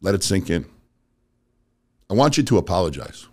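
A man's voice: sits low, big pitch swings, moderate pace, dark tone, breathy edge. A man giving a casual motivational talk to viewers, speaking bluntly and directly with street slang. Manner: blunt, direct, street-casual, addresses audience as bro and guys. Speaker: motivational speaker and auto business owner.

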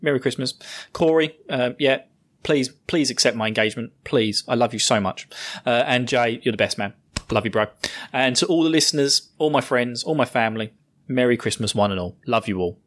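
A man giving a recorded holiday greeting to friends, affectionate with wry deadpan asides. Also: mid-range voice, a little fast. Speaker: guest sending a recorded holiday message.

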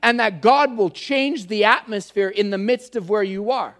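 A man's voice: high-pitched, moderate pace, fairly bright tone. A man preaching a conversational teaching sermon, earnest and speaking straight to his listeners as he explains word meanings.

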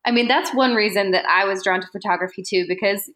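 A woman's voice: mid-range voice, fast talker, a bit bright. Enthusiastic woman podcast host. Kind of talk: casual interview chat.

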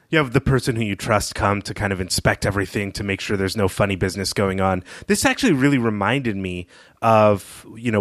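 A man's voice: fairly low pitch, no echo, studio quality. A man co-hosting a podcast, giving thoughtful, analytical commentary in a casual discussion. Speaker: podcast co-host.

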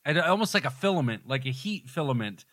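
A man's voice: a little high, animated, quick pace, fairly bright tone, no room sound. A man co-hosting a podcast, casually retelling movie scenes in detail and laughing often. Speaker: podcast co-host.

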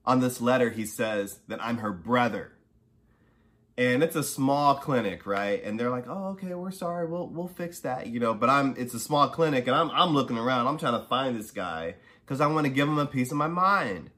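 A mid-range male voice with lively intonation and a bright, forceful tone tells a personal story at a moderate pace. He's a podcast host speaking casually, with plenty of "you know" and "right?" asides, and he heats up when angered.

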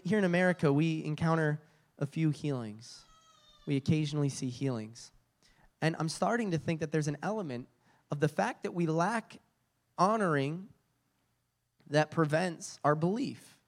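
A man preaching a sermon, telling stories with frequent restarts and repeated words. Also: a little high.

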